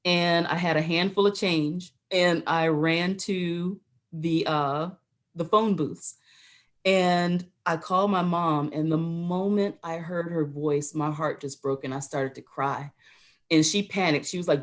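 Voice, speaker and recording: A middle-aged American woman, a retired Army colonel, guests on a talk show and tells stories, acting out the voices of the people she quotes. Her voice sits fairly low, steady and unhurried.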